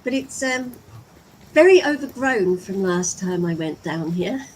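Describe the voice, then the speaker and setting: A woman's voice: medium pitch, animated, measured pace, a little hiss or hum, low-quality recording. A middle-aged English woman chatting to viewers in a rambling way as she walks outdoors, recorded on a handheld camera. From England. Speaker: vlogger. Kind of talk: casual vlog commentary. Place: outdoors on a walk.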